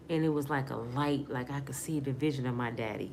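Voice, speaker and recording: Middle-aged woman from michigan telling her story, low voice, real emotional and chatty. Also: a little fast, darkish tone, slight background noise. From Michigan, USA. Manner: earnest, emotional, conversational with casual grammar. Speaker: woman sharing her testimony. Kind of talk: personal testimony storytelling.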